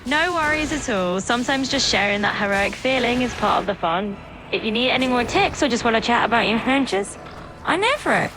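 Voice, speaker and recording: A woman's voice: on the high side, expressive, fairly quick, music in the background. A text-to-speech woman's voice as an AI assistant, cheerful and agreeable, sometimes slurring its words. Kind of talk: upbeat chatbot replies.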